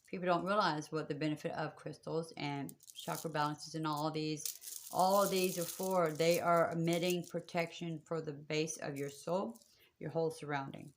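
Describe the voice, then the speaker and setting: A woman's voice: low-pitched, fairly even intonation, normal speed, a little hiss or hum. A woman doing spiritual readings on a live stream, rambling and affectionate, with many fillers. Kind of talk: casual live-stream talk to viewers.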